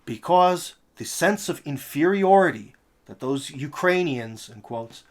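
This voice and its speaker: Guy doing a political commentary rant, kinda high voice, emphatic and sarcastic. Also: expressive, a little slow. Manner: emphatic, rhetorical, sarcastic asides. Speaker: host.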